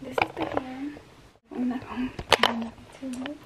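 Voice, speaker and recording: A woman's voice: sits high, steady tone, unhurried, pauses often. A woman in her late teens talking casually to her phone camera in a vlog, chatty and often dropping to a whisper. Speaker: vlogger. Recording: noisy phone recording.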